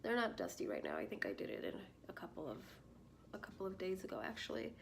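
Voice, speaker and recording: A woman's voice: mid-range voice, wildly swooping pitch, fast, vocal fry, a little hiss or hum. A young woman talking through plant care in a chatty, bubbly way, with lots of fillers and frequent laughs. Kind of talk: casual tutorial chat.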